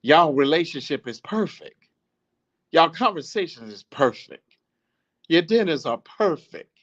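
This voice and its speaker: Podcast host, male: high voice that jumps all over, preachy and profane, dull lo-fi audio. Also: a little slow. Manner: animated, swearing, laughs often, preachy. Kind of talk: casual monologue.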